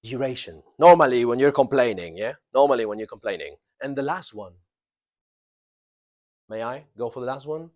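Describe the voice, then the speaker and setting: Animated male teacher in a classroom. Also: medium pitch, normal speed. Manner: emphatic, repeats key words, checks in with "yeah?". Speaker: English teacher. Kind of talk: classroom grammar lesson.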